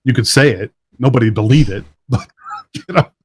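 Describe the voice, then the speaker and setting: A man's voice: medium pitch, animated, normal speed, slightly rough. A middle-aged man hosting a live internet talk show in a casual, upbeat, chatty way. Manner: upbeat, chatty, laughs often. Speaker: show host.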